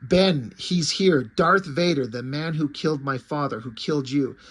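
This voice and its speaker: A man's voice: a little high, moderate pace, fairly bright tone, husky. A man voicing an earnest young male hero in a casual retelling. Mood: determined. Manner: earnest and determined.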